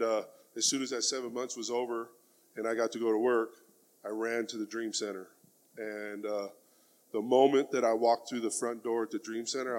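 A middle-aged man giving a heartfelt personal testimony in plain, casual speech, often dropping in the word "man". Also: medium pitch. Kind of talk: earnest spoken testimony.

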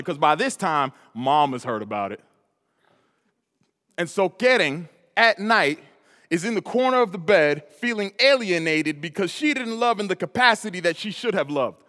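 A pastor from New York preaches to a congregation, building a personal story around repeated, emphatic lines. His voice sits a little high for a man. The sound trails off in a long church-hall reverb. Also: sharp tone. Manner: storytelling, repetitive emphatic phrases. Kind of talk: sermon.

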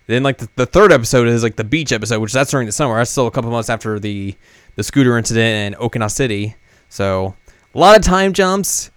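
A man's voice: medium pitch, animated, fast talker, clean tone, dry recording, clean studio sound. A man giving a casual, rambling anime review, full of fillers and self-corrections.

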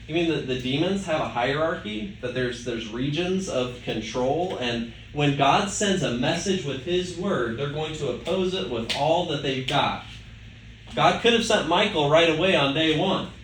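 Conversational preacher in an echoey hall. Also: male voice, a little high, lively intonation, measured pace, a bit bright, slight background noise. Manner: conversational, with rhetorical questions. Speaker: pastor. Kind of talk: sermon. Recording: echoey room with faint ambience.

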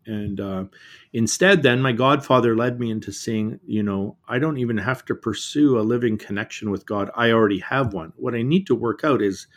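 A middle-aged man talks earnestly in a reflective conversation, his voice sitting at an ordinary middle pitch. He often halts and repeats words as he works through his thoughts. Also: moderate pace, a bit bright. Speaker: author and guest.

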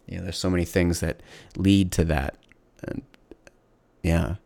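A man with a very low, gravelly voice talks on his own podcast in a candid, reflective way. He often stops and restarts mid-sentence. The sound is dry and close. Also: steady tone, a little slow, a little mellow, no echo. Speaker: podcast host. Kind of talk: casual solo podcast monologue.

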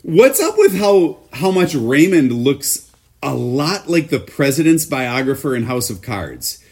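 A man's voice: mid-range voice, sing-song, unhurried, slightly rough. A man co-hosting a casual movie review chat, who laughs often and stammers over repeated words. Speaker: podcast co-host.

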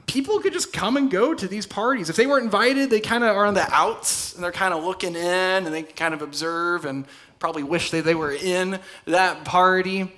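A man delivers a sermon to a church room in a conversational way. His voice is a little high and bright. He often drops to a soft, intense tone to press a point home. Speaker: pastor. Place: church hall.

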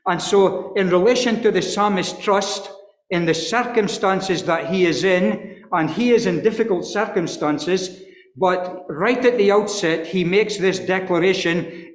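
A man preaching an earnest expository sermon, stumbling and repeating words, and reading scripture slowly in old-fashioned wording. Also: high-pitched. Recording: echoey hall with long reverb.

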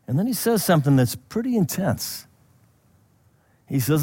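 A man preaching a sermon in a conversational way, asking the listeners questions and laughing softly now and then. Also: on the high side, sing-song, moderate pace, pauses often, breathy edge. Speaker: pastor.

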